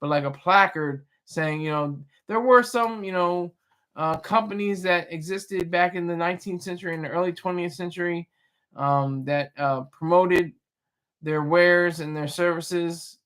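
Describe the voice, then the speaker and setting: High, bright-voiced rambling man. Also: measured pace, smooth. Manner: rambling, restarts, chuckles at chat. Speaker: livestream host reading chat. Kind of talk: casual rambling livestream commentary.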